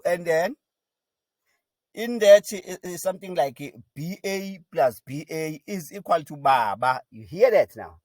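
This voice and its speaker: A man teaching a pronunciation lesson, sounding out syllables one by one and repeating each word slowly and deliberately. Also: fairly high pitch, animated, a little mellow, no room sound. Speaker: language teacher.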